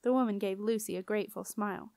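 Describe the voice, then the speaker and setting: A woman reading a children's fantasy novel aloud in an even, expressive style. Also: medium pitch, quick pace, vocal fry, dry recording, clean studio sound. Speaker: audiobook reader. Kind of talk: storybook narration.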